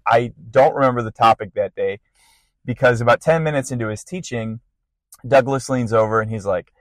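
A young man casually telling a lively personal story on a podcast, full of fillers and laughter. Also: medium pitch, normal speed, dry recording. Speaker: podcast guest sharing a testimony.

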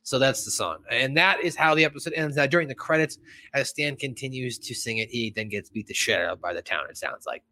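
A man's voice: mid-range voice, a little fast. A man casually recapping a cartoon episode, laughing and acting out lines from it. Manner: animated, laughing, acts out character lines. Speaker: podcast host.

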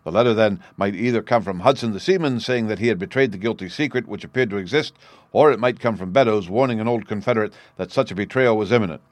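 A man narrating a classic detective story in a measured, steady reading. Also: lowish voice, dry recording. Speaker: audiobook narrator.

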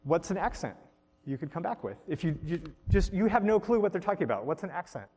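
A man's voice: high-pitched, sing-song, fast talker, darkish tone, husky. A man teaching a group in a workshop, upbeat and coaching, laughing often as he talks to the participants. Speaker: workshop instructor. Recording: long hall reverb.

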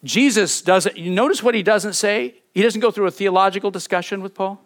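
A man preaches a sermon in a notably high voice, pressing each point with animated emphasis. He stumbles over repeated words as he builds momentum. Now and then he calls on the congregation to repeat a phrase back to him. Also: brisk, few pauses. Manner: leads congregation call-and-response. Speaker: pastor.

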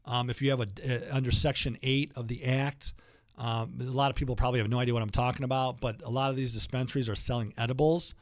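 A man hosting a legal talk show, chatting casually in a rambling, animated way with frequent restarts. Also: medium pitch, fast talker, dry recording, studio quality. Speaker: radio show host and lawyer. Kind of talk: casual talk-radio chat.

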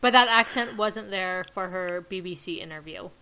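A woman hosting a pop culture podcast, chatting casually and telling animated stories. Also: on the low side, moderate pace, slight background noise, low-quality recording. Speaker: podcast host. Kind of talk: casual chat.

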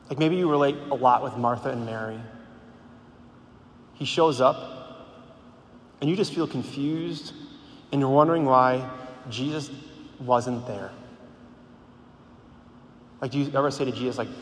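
A man preaches in a loose, conversational way, full of rhetorical questions and restarts. His mid-pitched voice rings out in a large hall with a long echo. Faint background noise sits under it. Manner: conversational, frequent "like", repeats words, rhetorical questions. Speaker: speaker at a Catholic gathering. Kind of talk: informal sermon.

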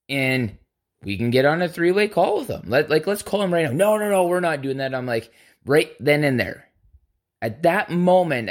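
Male podcast host with a mid-range voice, swearing freely and replaying quoted dialogue as he tells his story. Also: mid-range voice. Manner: profane, animated retelling with quoted dialogue. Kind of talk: casual storytelling.

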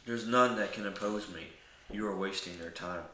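Brief: booming, arrogant armored warlord for a tabletop game, played by a man, slow, commanding lines, low voice in an echoey room. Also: pushed and bright, slight background noise. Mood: menacing. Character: imposing armored male warlord, arrogant and menacing.

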